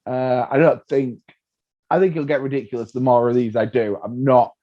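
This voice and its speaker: A man, a comedian being interviewed, telling stories in a lively way, acting out what people said and laughing often. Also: mid-range voice, moderate pace. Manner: animated storyteller, acts out voices, laughs often. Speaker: comedian guest. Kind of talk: casual interview chat. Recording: dull lo-fi sound.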